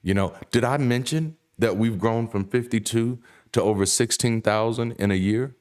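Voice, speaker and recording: A man, a baritone voice and a preacher's cadence, delivering an emphatic, profane, repetitive monologue as the show's host. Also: normal speed, darkish tone, smooth.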